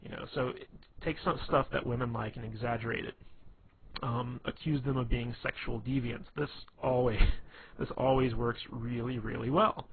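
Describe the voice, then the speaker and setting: A man explains dating tactics in a loose, rambling way, full of "um", "uh" and "you know". His voice sits at an ordinary middle pitch. It comes through thin and tinny like a phone line, with a faint hiss underneath. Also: steady tone, normal speed. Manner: rambling, filler-heavy with many restarts and frequent "you know". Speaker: dating advice coach. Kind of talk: casual instructional talk.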